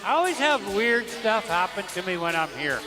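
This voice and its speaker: A man working as a rodeo clown, telling a drawn-out joke to the announcers in a playful storytelling way. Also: high voice, sing-song. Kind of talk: joking banter with announcers. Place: indoor rodeo arena. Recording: echoey arena sound system with music.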